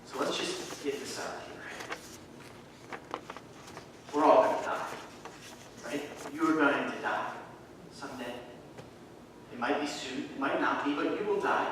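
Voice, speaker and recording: Emphatic pastor in an echoey hall. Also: male voice, medium pitch, slow pace, pauses often, background noise. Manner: emphatic, repeats key phrases. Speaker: associate pastor. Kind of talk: sermon. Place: church sanctuary. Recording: echoey church hall, mic far off.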